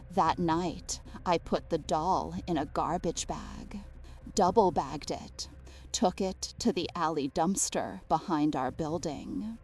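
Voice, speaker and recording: A woman giving a scripted horror story narration, slow, hushed and deliberate. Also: deep voice. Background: faint music.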